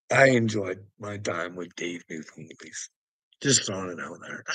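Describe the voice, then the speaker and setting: A vlogger with a lowish voice rambles through a solo monologue on a rough recording with no room sound. He's profane and taunting, mocking as he goes and breaking into laughter between nearly every phrase.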